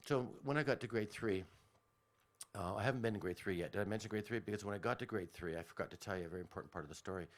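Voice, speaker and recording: A man's voice: fairly low pitch, racing. A man telling a childhood story on the radio in a rambling way, often backtracking and interrupting himself.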